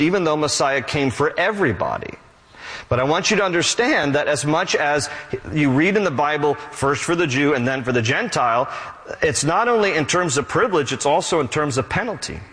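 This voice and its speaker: Casting: male pastor, slightly high voice, lively sermon delivery, long hall reverb. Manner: animated preaching, reads scripture aloud.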